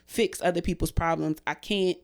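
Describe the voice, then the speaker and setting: A woman's voice: fairly low pitch, steady tone, normal speed. A young adult woman co-hosting a podcast in casual chat. She swears freely and talks in long, heartfelt runs, close to tears. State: emotional, near tears. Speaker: podcast co-host.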